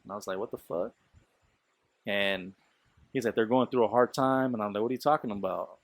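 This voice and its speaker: A man's voice: on the low side, fast, no echo. A man hosting a podcast, telling a story in loose casual talk, full of swearing, fillers and quoted speech. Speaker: podcast host.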